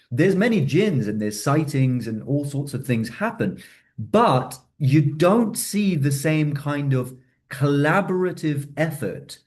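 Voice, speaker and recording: A man's voice: medium pitch, darkish tone. Earnest man giving a lecture. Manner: earnest, emphatic, slows on key words. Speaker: religious speaker.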